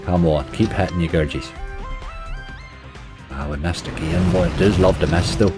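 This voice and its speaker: A man's voice: deep voice, moderate pace, over music. A man with a Northern Irish accent giving chatty running commentary as a slots streamer, grumbling at the game and chatting to viewers.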